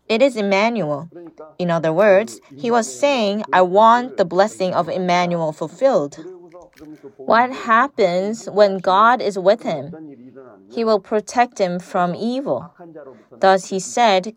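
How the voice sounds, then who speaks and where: A woman's voice: medium pitch, slow pace. A woman preaching an earnest sermon who puts questions to her listeners.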